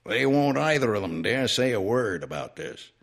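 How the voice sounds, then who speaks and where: A man's voice: medium pitch, sing-song, normal speed, gravelly. A man reading the part of a brash, wisecracking talking horse in a cheeky, breezy manner.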